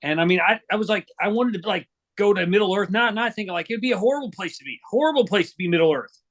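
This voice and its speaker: A man's voice: sits high, lively intonation, fast, fairly bright tone. A middle-aged man hosting a podcast, joking around playfully and asking loose, casual questions. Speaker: podcast host.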